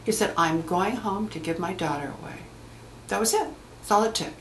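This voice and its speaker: A woman hypnotherapist telling stories about her clients in a lively way, acting out the voices of the people in them. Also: medium pitch, moderate pace, reverberant, slight background noise, rough recording. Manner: animated storyteller acting out quoted voices. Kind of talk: anecdotal storytelling talk.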